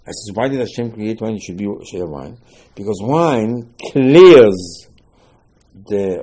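A man's voice: medium pitch, mellow, slightly rough. Man giving an emphatic Torah lecture. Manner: emphatic, repetitive, asks and answers his own questions, broken English phrasing. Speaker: rabbi teaching Torah.

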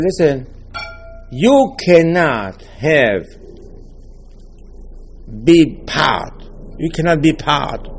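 Man, rabbi giving a Torah lesson, husky voice, lively rhetorical style. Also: fairly high pitch. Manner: animated, rhetorical questions, repeats phrases.

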